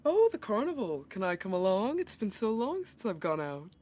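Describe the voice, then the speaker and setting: A woman voicing a gentle ghostly mother cat spirit who speaks softly and dotingly in a tabletop game. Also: medium pitch, very animated, normal speed, no room sound. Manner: soft and doting.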